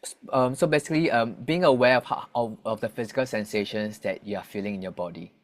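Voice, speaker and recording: Singapore voice coach guy, patient, explains stuff slowly, keeps restarting his sentences. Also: lowish voice. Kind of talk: interview explanation.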